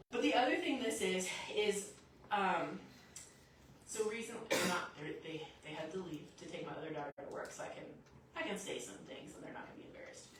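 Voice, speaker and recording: A woman's voice: on the low side, slight background noise. Woman preaching in an echoey church. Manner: lively storytelling, acts out quotes. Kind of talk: sermon. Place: church sanctuary. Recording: echoey church hall from a distance.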